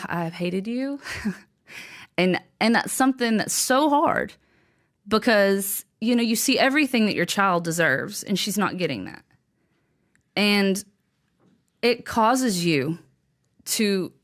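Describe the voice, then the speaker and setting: A woman guest on a podcast interview, telling a personal story in an earnest, halting, emotional way with frequent restarts. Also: medium pitch, a bit bright. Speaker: guest author.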